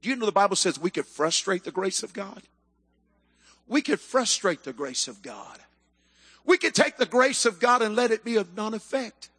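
Male preacher, high and bright, fervent, bursts into shouts; big echoing hall. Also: slightly rough. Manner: fervent, swings into shouted emphasis. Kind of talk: sermon. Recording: echoey hall.

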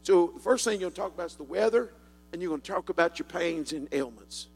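An older Southern preacher with a high, gravelly voice that turns husky at the edges. He tells his sermon as a folksy story and works up to fervent shouts. The sound rings with a long hall echo. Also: animated, quick pace, faint music behind.

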